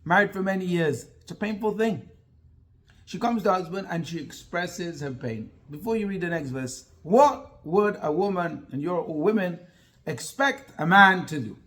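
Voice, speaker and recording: A man's voice: high-pitched, moderate pace. A man, a rabbi, teaching an interactive class and firing rhetorical questions at his listeners. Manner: animated, asks the class many rhetorical questions.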